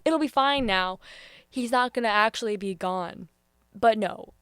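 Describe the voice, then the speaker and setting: An earnest woman talks through her thoughts on a show in a casual review, openly emotional and hesitant at times. Her voice sits at an ordinary middle pitch. It jumps up sharply when she gets excited and drops to soft near-whispers, and the sound is close and dry, with no room echo. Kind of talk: casual spoken review vlog.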